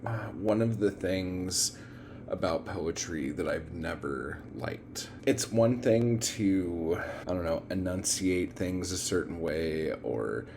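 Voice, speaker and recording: A man's voice: low-pitched, expressive, takes it slowly, background noise. A man hosting a watchalong, giving casual reaction commentary in a blunt, profane, rambling way full of fillers. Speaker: watchalong host.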